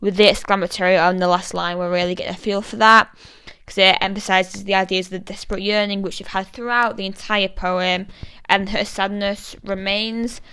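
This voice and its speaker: A British woman talks through a poem in a relaxed, chatty way, with plenty of fillers. Her voice is very smooth and even, with little rise and fall. The sound is close and dry. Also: mid-range voice, brisk, no room sound, low-quality recording. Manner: thoughtful, chatty, many fillers. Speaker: literature explainer. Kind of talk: casual poetry analysis.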